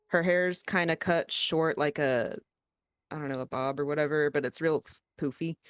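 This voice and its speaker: Woman, tabletop player, casual, halting, smooth voice, dry close mic. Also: deep voice, no echo. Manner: casual, hesitant, with frequent restarts. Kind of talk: describing her character in a tabletop game.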